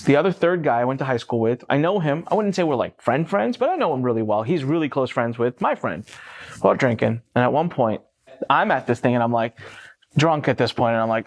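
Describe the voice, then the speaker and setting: A man in his forties tells a story in a casual, animated way, with an everyday mid-range voice. He swears freely and slips into other people's voices as he goes. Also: medium pitch, fairly quick. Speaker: guest, entrepreneur.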